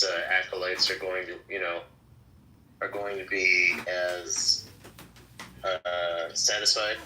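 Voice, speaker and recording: Low-ish, bright man, measured. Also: slight background noise, rough recording. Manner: measured, many "uh" pauses. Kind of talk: casual political chat.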